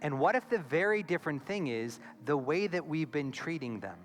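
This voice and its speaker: A man giving a conference keynote as a therapist, animated and acting out quoted voices, on a stage mic in a large hall. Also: a little high, moderate pace. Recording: long hall reverb with faint music.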